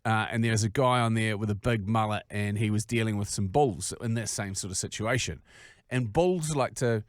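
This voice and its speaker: A man with a New Zealand accent, co-hosting a podcast and telling sweary, animated stories in casual chat. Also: fairly low pitch, normal speed, no echo, studio quality. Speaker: podcast co-host.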